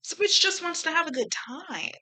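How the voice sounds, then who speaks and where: A young woman chatting casually to her camera as a YouTuber, animated and slangy, laughing often and swearing freely. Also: extremely high pitch, moderate pace, low-quality recording. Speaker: YouTuber reviewing a film. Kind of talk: casual chatty movie review.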